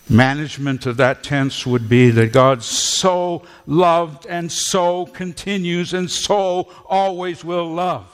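A man preaching a sermon to a congregation, slow and emphatic, repeating words and drawing out key phrases. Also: a little high. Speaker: pastor. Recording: long church hall reverb.

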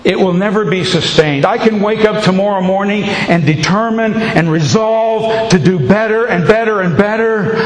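High-voiced man preaching in an echoey hall. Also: normal speed, slight background noise. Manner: emphatic, repetitive preaching cadence. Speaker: pastor. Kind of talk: sermon. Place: church sanctuary. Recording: echoey hall, faint ambience.

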